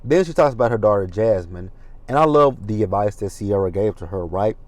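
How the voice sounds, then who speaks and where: A man's voice: fairly low pitch, lively intonation, a little fast, darkish tone, no room sound. A man hosting a casual reality TV recap, talking in a chatty, gossipy way with asides and profanity. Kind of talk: casual chat commentary.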